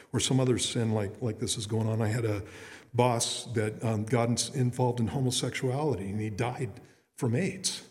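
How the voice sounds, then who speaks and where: A man's voice: medium pitch, a little mellow. A middle-aged man, a pastor, preaching earnestly in a conversational way with frequent restarts. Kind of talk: sermon. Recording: long reverb in a hall.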